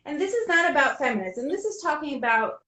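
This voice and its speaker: A woman hosts a casual interview. She explains earnestly and restarts her sentences often. Her voice is on the higher side, and the room around her has a roomy echo. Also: sing-song, fast, sharp tone. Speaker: host. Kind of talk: casual video chat interview.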